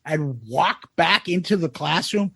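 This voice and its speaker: A man with a husky, high voice tells rowdy stories on a casual podcast. He is animated and profane and laughs often. His pitch jumps all over, and the sound is dry and close. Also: unhurried, no echo. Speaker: podcast co-host.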